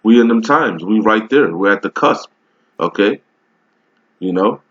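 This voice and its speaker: A man's voice: lowish voice, animated, unhurried, lo-fi sound. A man giving casual, emphatic religious commentary over a video, rambling and often asking "all right?". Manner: rambling with many restarts while browsing.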